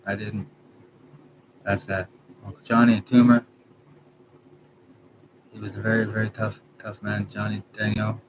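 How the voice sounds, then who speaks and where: Low, flat-voiced man rambling over noise. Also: poor audio. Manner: halting, trails off, many restarts and self-corrections. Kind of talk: rambling personal monologue. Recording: background noise.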